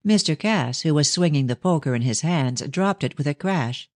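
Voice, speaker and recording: Steady male audiobook narrator. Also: on the high side, moderate pace, hardly any pauses, no room sound, studio quality. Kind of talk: scripted narration of a mystery novel.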